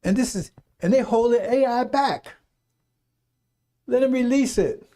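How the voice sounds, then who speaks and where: A man's voice: very high voice, unhurried, mellow. A man talking on a radio stream, rambling and scolding in a folksy way, now and then mocking people in put-on voices. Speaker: radio preacher. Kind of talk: unscripted radio talk.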